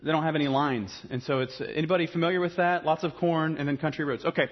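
A man from Ohio preaching a sermon, mixing humorous storytelling with quiet, earnest passages. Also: a little high, fast, lo-fi sound. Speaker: pastor.

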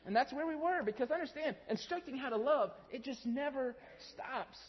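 A man's voice: extremely high pitch, moderate pace. A man in his thirties preaching a sermon as pastor, telling stories in a conversational way and acting out his children's voices. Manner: conversational storytelling, animated when quoting his kids. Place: large church sanctuary. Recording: dull sound with long hall reverb.

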